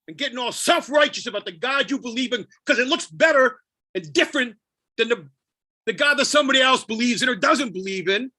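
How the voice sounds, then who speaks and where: A man's voice: very high voice, animated, a little fast, bright, forceful tone. A man giving a spoken-word poetry performance, brooding and self-questioning with a wry edge. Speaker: poet.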